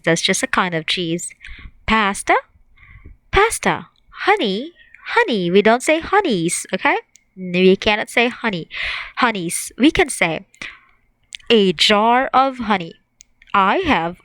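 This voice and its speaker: A woman giving a recorded language lesson at a slow, careful pace, saying each word twice so learners can repeat after her. Her voice is mid-pitched and sounds dry and close to the mic. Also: animated, no room sound, rough recording. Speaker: teacher.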